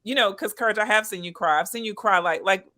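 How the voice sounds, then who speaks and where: Enthusiastic, bright-voiced woman host. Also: medium pitch, fast. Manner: affirming and enthusiastic, with frequent "yeah" and "mm-hmm". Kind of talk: interview conversation.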